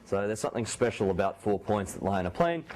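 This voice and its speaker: A man lecturing a university class in a small room, speaking quietly with a sore throat and making joking asides to his students. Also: fairly low pitch, animated, fast talker. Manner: speaks softly, not loudly.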